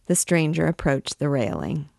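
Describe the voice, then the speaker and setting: Low-voiced woman reading a classic novel. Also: big pitch swings, moderate pace, creaky, a little mellow, no room sound, clean studio sound. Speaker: audiobook narrator. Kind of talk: scripted narration of a classic novel.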